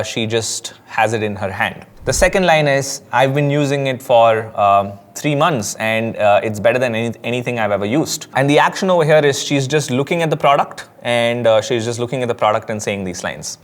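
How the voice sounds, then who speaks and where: Upbeat man teaching an AI tutorial. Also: mid-range voice. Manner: chatty, upbeat, uses "basically" and "like". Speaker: AI tutorial instructor. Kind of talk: casual screen tutorial.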